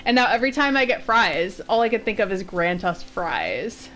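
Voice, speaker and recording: A woman's voice: on the high side, fast talker, fairly bright tone, a little hiss or hum. A woman from Massachusetts giving casual, rambling commentary while streaming a game. She laughs often.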